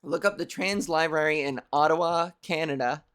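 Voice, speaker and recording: A woman in her thirties hosting a comedy show, rambling through a loose, profane monologue, laughing at her own jokes and putting on quick silly voices. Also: low-pitched, fairly bright tone, clean tone. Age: 30s. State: hungover. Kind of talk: loose stand-up style monologue.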